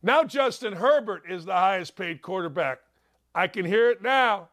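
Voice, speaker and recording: A middle-aged man delivers a sports talk monologue in a fairly high voice. He rants with heavy sarcasm and slows down to drag out his points. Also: expressive, a bit bright. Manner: sarcastic, ranting, drawn-out emphatic delivery. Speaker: sports talk show host.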